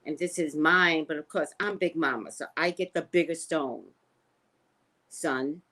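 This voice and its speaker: An older woman hosting a casual live stream, chatting with viewers and greeting them by name in sudden high squeals. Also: measured pace, a bit bright. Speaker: live-stream psychic host.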